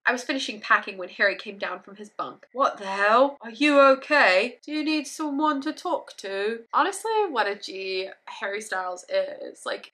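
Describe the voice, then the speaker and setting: Brief: bright, clear-toned woman, comedic read-aloud with wry commentary. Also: medium pitch. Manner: sarcastic running commentary, laughing at her own writing. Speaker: YouTuber reading her old fanfiction aloud. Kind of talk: comedic reading with asides.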